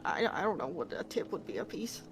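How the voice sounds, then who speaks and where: A woman's voice: on the low side, animated, fast talker, faint music behind. A woman playing a tabletop game, chatting casually and giggling playfully. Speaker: player.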